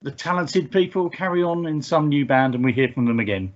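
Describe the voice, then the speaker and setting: A man co-hosting a podcast, talking about songs in a dry, offhand way with plenty of halting fillers. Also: a little high, lively intonation, lo-fi sound. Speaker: podcast co-host. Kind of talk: casual music chat.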